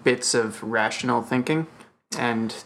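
A man's voice: mid-range voice, unhurried, fairly bright tone. A man co-hosting a comedic podcast, asking wry, probing questions. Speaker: co-host. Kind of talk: casual comedic podcast chat.

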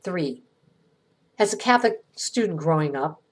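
A middle-aged woman hosts an inspirational podcast and reads a scripted reflection in a gentle, earnest way, with slow pauses. Her voice is husky and sits fairly low for a woman. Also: animated. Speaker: podcast host.

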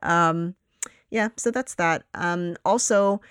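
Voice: mid-range voice, takes it slowly, fairly bright tone, clean tone, no room sound. Podcast cohost just chatting, rambly, does little voices for own reactions, dry close sound. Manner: rambling, acts out own reactions in quoted asides. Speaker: podcast co-host. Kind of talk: casual chat.

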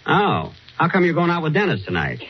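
A man's voice: fairly high pitch, wildly swooping pitch, a little fast, breathy edge. A man hosting a 1940s radio comedy as an indignant, exasperated straight man. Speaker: comedy show host. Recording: hissy dull vintage radio recording.

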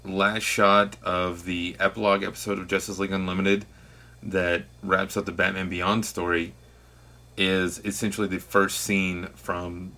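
A man's voice: sits low, level tone, unhurried, pushed and bright. A man hosting a podcast, talking earnestly and hedging his opinions, then plugging an upcoming series. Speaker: podcast host. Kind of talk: casual podcast talk.

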